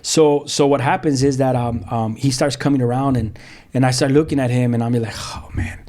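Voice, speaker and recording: A man's voice: mid-range voice, fairly even intonation, brisk, a little mellow. A middle-aged man from South Central Los Angeles, a pastor giving a personal testimony in a podcast interview, telling his story with plenty of "you know" and acted-out dialogue.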